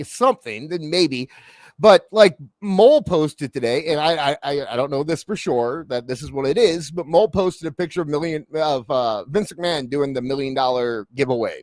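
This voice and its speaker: Animated man stammering through wrestling chat. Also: a little high, no echo. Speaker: wrestling podcast host. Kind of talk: casual chat.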